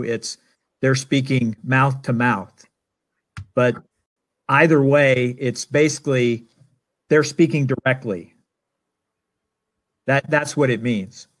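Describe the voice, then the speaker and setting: A man answering Bible questions in an informal teaching style, measured and hesitant with many fillers. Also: medium pitch.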